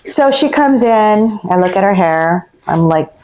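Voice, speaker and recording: A woman's voice: mid-range voice, animated, a little slow, darkish tone. A woman, a hairstylist, telling a story about a difficult client in a candid, exasperated way. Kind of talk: storytelling to camera.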